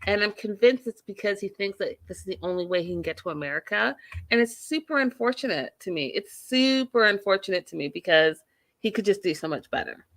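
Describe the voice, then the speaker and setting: Blunt, bright-voiced woman recap host. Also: medium pitch, fairly quick. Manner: blunt, opinionated, swears freely; animated, talks directly to viewers. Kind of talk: casual recap commentary.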